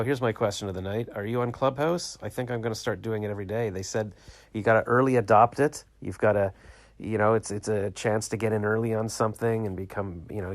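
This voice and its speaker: Guy with a low voice rambling thru his day on a late night video diary, dry close sound. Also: dry recording. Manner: rambling and reflective, retelling conversations. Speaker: vlogger. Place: small home studio.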